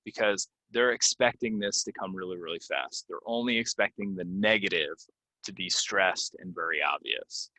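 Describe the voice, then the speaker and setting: A young man teaching English pronunciation in a casual spoken lesson, slowing down to model stressed words, with frequent ums. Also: deep voice, bright, forceful tone, dry recording. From United States.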